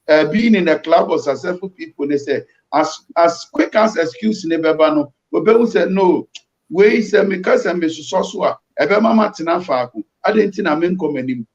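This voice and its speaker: A pastor giving a motivational talk, preaching and repeating phrases for emphasis. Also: male voice, high voice, a little mellow, highs cut off.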